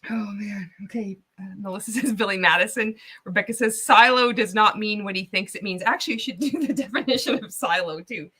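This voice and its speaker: A woman's voice: medium pitch, fairly quick, hardly any pauses, bright, forceful tone, husky. A woman hosting a casual livestream reaction, chatty and laughing often as she talks. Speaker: host.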